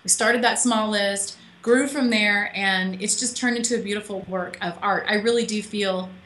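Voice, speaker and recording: A woman's voice: mid-range voice, steady tone, moderate pace, fairly bright tone, roomy sound, slight background noise. A woman author being interviewed over a call from her home office, chatty and emotional, laughing often. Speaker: author guest. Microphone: call audio.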